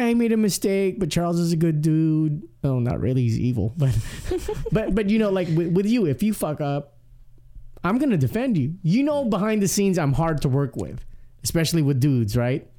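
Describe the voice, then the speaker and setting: A man's voice: fairly high pitch, big pitch swings, brisk, mellow. A man hosting a podcast, bantering crudely and teasing his co-hosts. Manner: profane, teasing, talks over others. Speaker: podcast host.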